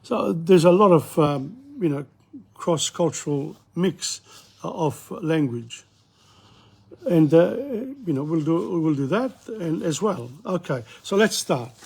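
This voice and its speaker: An older man leads a relaxed language lesson in a husky, slightly high voice. He speaks slowly and haltingly, filling pauses and restarting his sentences, and repeats example words one by one. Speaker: language teacher. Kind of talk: casual spoken lesson.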